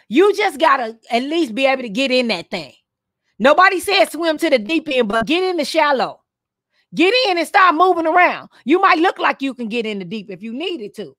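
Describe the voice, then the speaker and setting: A woman's voice: high voice, a bit bright, no echo, studio quality. A woman coaching teachers on a live stream, preachy and playful, with punchy repeated phrases.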